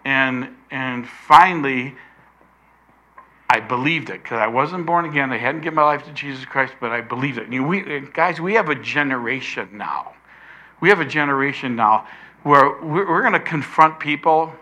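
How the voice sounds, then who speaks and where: An older man preaching a sermon, emphatic, slowing down to stress key words. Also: medium pitch, expressive, pushed and bright.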